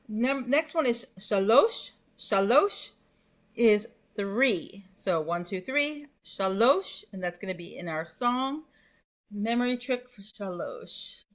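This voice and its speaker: A woman teaching a playful Hebrew vocabulary lesson, cheerful and giggly, spelling out each word slowly and carefully and making up silly memory tricks. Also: medium pitch, lively intonation. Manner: slow, careful pronunciation of words.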